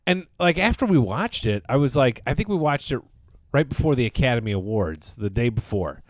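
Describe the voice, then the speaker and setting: A man's voice: medium pitch, very animated, a little fast, no room sound. A man co-hosting a podcast, talking movies in an enthusiastic, emphatic way and often repeating himself. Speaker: podcast co-host. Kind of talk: casual chat.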